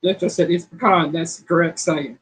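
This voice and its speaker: A woman's voice: fairly low pitch, steady tone, brisk, slightly rough, low-quality recording. A middle-aged woman, hosting a casual live-stream chat and reading quiz questions in a folksy, playful way. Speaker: host of a cooking channel's live chat.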